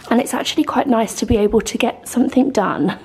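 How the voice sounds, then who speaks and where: A woman's voice: a little high, fast, creaky. Chatty young woman vlogging at home. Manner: gentle, chatty, lots of fillers. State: emotional, close to tears. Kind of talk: casual chat to camera. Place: home, indoors.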